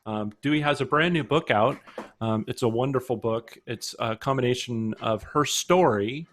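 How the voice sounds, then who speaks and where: A man's voice: mid-range voice, moderate pace, fairly bright tone. A man hosting an interview, speaking hesitantly with many um and uh fillers. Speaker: podcast host.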